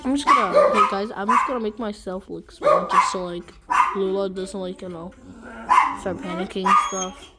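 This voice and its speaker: A woman's voice: medium pitch, steady tone, moderate pace. A young woman vlogging casually at a dog shelter, chatty and coaxing as she talks to the dogs. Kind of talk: casual vlog narration. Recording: loud background noise.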